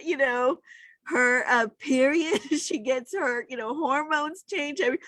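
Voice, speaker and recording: Heartfelt middle-aged woman, fairly high voice. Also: measured pace, a bit bright, dry recording. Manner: heartfelt and reflective, gets emotional. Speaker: podcast co-host. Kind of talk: casual chat.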